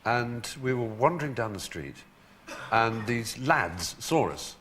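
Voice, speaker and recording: A man's voice: mid-range voice, slow pace. An Englishman tells stories as a talk show guest, his voice climbing and dipping expressively. He is articulate and wry. An old broadcast tape hiss runs under the whole exchange. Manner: articulate and wry, with animated asides. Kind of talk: anecdotal storytelling.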